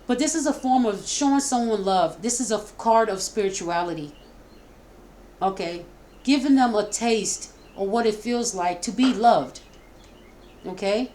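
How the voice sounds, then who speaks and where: A middle-aged woman giving a casual spoken tarot reading, talking in a warm, repetitive way that often stumbles. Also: mid-range voice, normal speed. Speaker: tarot reader.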